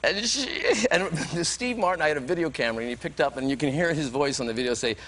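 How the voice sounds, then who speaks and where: A man as a talk show guest, telling a comic anecdote in an animated, playful way. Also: a little high. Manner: animated, playful, quick asides.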